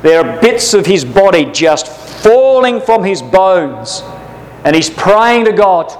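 A man's voice: high-pitched, big pitch swings, slow pace, low-quality recording. A man teaching a Bible class, preaching fervently and pressing listeners with urgent rhetorical questions. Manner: addresses listeners as brothers and sisters.

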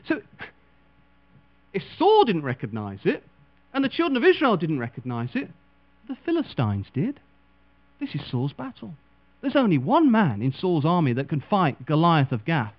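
A man preaching a sermon dramatically, acting out the people he quotes with big leaps in pitch and loudness. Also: sing-song, a little slow, long pauses. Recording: dull lo-fi recording with mains hum.

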